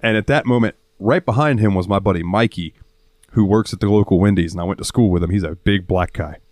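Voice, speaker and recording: Deep-voiced southern guy on a podcast, swears a lot, tells stories, dry close mic. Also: quick pace, dry recording. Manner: profane, animated storyteller acting out customers. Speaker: podcast co-host. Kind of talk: casual chat, storytelling.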